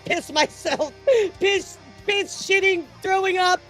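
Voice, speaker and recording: Very high-voiced excitable streamer woman. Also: takes it slowly, soft background music, low-quality recording. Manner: excitable, laughing, swearing, stammering repeats. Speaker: livestreamer. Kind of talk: casual livestream chat with viewers.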